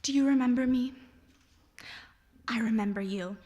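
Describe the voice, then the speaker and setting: A young woman with a fairly high voice reads her own poetry and a short story aloud before an audience. Between pieces she slips in wry, self-mocking remarks. Her voice carries a long reverb from a large hall. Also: normal speed, mellow. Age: young adult. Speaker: student reader. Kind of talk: reading her own poems and stories aloud.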